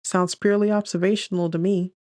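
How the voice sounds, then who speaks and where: A man voicing a playful young woman who teases and argues in quick-witted banter. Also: sits high, little pitch movement, a little mellow, no echo, clean studio sound, pitched above the performer's own voice, lightly acted. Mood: mocking. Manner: teasing, argumentative banter.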